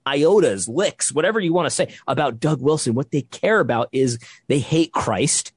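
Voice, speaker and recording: A young man with a slightly husky voice holds forth in heated, conversational commentary. His pitch jumps around a lot as he presses each point, repeating himself and restarting sentences. The sound is dry and close. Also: animated, moderate pace, no room sound. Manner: emphatic, repetitive, restarts when worked up. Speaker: podcast co-host.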